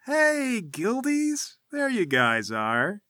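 A man plays a brash guild armsman, all fake cheer and smug teasing. His voice is bright and swings up and down as he looms over the people he mocks. The sound is dry and close. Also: very high voice, wildly swooping pitch, very slow, dry recording, pitched above the performer's own voice, full character voice. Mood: jovial.

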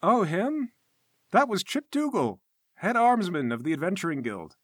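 A man plays a flustered, bookish curator who explains things in hesitant, fussy bursts. The voice is bright and moves around a lot, with a dry close sound. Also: sits high, wildly swooping pitch, normal speed, breathy edge, dry recording, voice pushed up, exaggerated voice. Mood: explaining. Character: flustered, scholarly male museum curator.

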